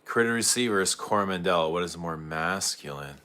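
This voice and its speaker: A man with a low, forceful, bright voice hosts an early-morning livestream. He chats easily and greets viewers one by one as he reads their comments. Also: expressive, normal speed, clean tone. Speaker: perfume livestream host. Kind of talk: casual livestream chat with viewers.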